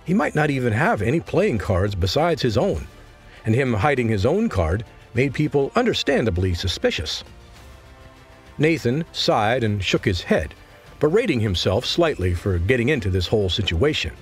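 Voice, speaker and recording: A man narrating an audiobook as scripted narration, in an expressive storytelling manner. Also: medium pitch, breathy edge.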